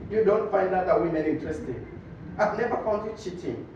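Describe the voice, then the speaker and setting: A man with a Tanzanian accent doing a stand-up comedy routine, telling animated stories and slipping into Swahili. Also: sits high, a little fast, a little hiss or hum. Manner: animated storytelling, switching between English and Swahili. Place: comedy club stage. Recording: echoey distant muffled club recording.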